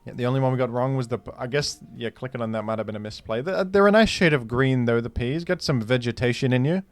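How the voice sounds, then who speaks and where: A man's voice: mid-range voice, fast talker. Man rambling through joking commentary. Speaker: gaming video host. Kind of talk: casual commentary while playing.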